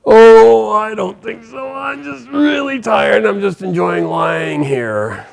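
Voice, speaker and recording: A man's voice: high voice, animated, slow, vocal fry, pitched above the performer's own voice, exaggerated voice. A man voicing an ancient, powerful male monkey god who drawls lazily and teases. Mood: lazy, teasing. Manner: drawling, teasing, unbothered.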